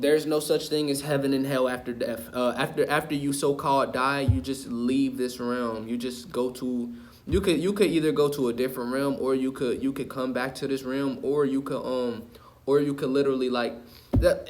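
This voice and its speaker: Man, impassioned spiritual rant, preachy and profane, hammers points by repeating them, mid-pitched voice. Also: normal speed. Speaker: online video host.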